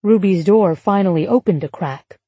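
A woman reading an audiobook in a measured, even storytelling manner on a close studio mic. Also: medium pitch, husky, no echo, highs cut off. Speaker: audiobook narrator. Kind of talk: scripted narration.

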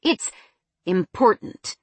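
A woman voicing a pushy, smooth-talking male ex-boyfriend in an audiobook, who speaks insistently and persuasively. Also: slow, a little mellow, no room sound, close to an everyday voice.

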